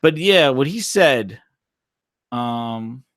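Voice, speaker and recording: A man's voice: mid-range voice, extremely slow, no echo, clean studio sound. A man hosting a casual gaming live stream, rambling and swearing as he answers chat. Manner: animated, profane, rambling.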